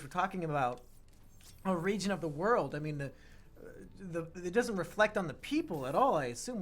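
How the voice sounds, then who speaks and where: A man co-hosting a casual podcast chat, talking fast and joking, often breaking into laughter. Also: a little high. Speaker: podcast co-host.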